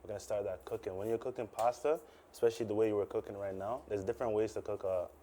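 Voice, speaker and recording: A man with an American accent, a guest chef explaining cooking steps in a TV studio with brisk confidence. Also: lowish voice, steady tone, mellow, slight background noise.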